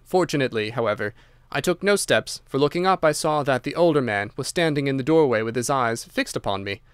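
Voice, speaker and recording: A male audiobook narrator reading a classic tale in a measured, even storytelling manner. His voice is smooth and resonant at a middle pitch. The recording is close and dry. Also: no echo.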